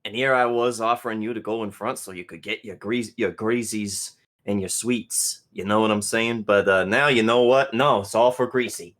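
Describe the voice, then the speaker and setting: A man voicing a loud, brash male mechanic with a wrench for a hand, talking over everyone in a tabletop game. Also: steady tone, moderate pace, hardly any pauses, close to an everyday voice. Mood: taunting. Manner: booming, pushy, talks loud on purpose.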